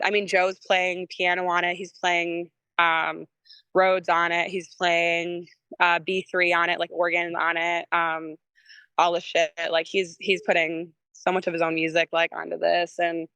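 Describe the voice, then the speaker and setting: A woman's voice: lowish voice, bright, forceful tone, clean tone, no room sound. A woman from Michigan, a musician as podcast guest, chatting casually and rambling with many fillers. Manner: rambling storytelling with lots of fillers and laughter; acts out quoted lines in a raised voice. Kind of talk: casual interview chat.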